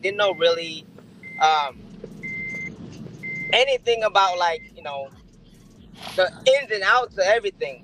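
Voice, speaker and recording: A man's voice: high-pitched, fairly bright tone, a little hiss or hum, low-quality recording. A sick middle-aged man, a dog breeder guest, chatting casually and rambling with many fillers. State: sick, chewing a lozenge. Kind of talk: casual podcast chat.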